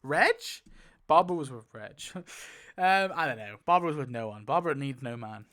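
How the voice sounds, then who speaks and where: An excitable young YouTuber with a smooth, medium-pitched voice talks a little fast while spinning a wheel. His casual gameplay commentary is full of laughter and swearing, and he counts aloud.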